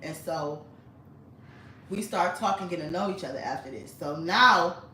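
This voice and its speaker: Woman, low voice, blunt and chatty storyteller, recorded at a distance in an echoey room. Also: lively intonation, moderate pace, bright, forceful tone, a little hiss or hum. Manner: blunt, chatty, frequent swearing and laughter. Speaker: vlogger. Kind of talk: casual storytelling.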